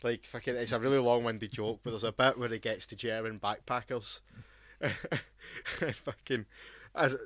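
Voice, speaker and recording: A man's voice: mid-range voice, steady tone, moderate pace, fairly bright tone, no room sound. Blunt Scottish man, dry close sound. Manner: blunt, sweary, laughing. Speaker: podcast co-host. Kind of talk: casual wrestling banter.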